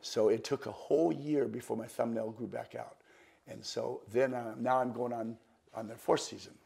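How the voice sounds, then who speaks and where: An older man with a gravelly, husky voice tells stories as a guest in an interview. He is animated and slips into other people's voices as he recounts what they said. His pitch sits at an ordinary middle height. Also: moderate pace. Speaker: guest magician. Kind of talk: storytelling interview.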